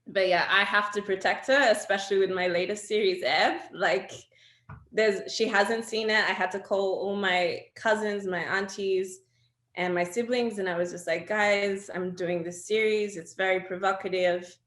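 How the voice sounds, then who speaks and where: A woman, a guest in an interview, telling personal stories in an animated way with frequent laughs and fillers. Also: mid-range voice, normal speed, roomy sound. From Australia. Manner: animated storytelling, laughs often, many fillers. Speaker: guest artist. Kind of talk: candid conversational interview.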